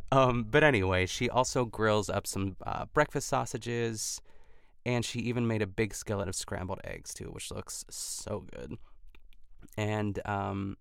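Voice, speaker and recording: Chatty low gravelly-voiced man. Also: unhurried, a bit bright, no echo, clean studio sound. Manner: chatty, lots of "like" fillers and restarts. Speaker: podcast host. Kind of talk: casual recap chat.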